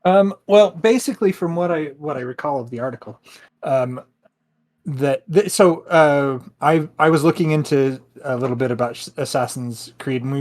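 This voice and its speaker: A man's voice: mid-range voice, a little mellow. A man co-hosting a podcast in casual chat, talking in a rambling, hesitant way. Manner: rambling, hesitant, many restarts. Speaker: podcast co-host.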